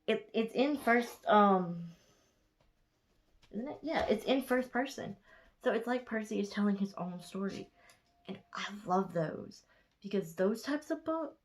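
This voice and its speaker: A woman's voice: mid-range voice, darkish tone. A woman in her twenties with a Southern US accent, chatting casually through a book review late at night, sleepy and rambling, often correcting herself. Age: 20s. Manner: rambling, chatty, gushing, with frequent self-corrections.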